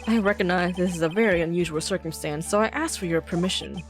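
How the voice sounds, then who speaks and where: A woman reading the lines of a stern, formal male prosecutor from a courtroom game in a low, clipped tone. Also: quick pace, soft background music, lightly acted.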